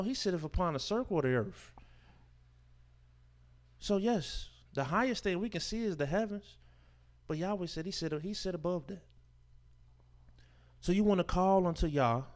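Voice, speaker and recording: A man teaching a scripture class as a sermon, reading verses aloud and explaining them with emphatic, informal preaching that swings from loud declarations to quiet asides. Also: high-pitched. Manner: informal speech with dropped verb endings and rhetorical questions.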